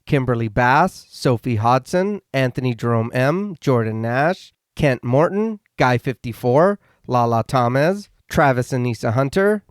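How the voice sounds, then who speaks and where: A man's voice: mid-range voice, clear, resonant tone, no echo, studio quality. A man co-hosting a horror podcast, steadily reading out a long list of supporters' names. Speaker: podcast co-host. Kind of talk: reading a patron thank-you list.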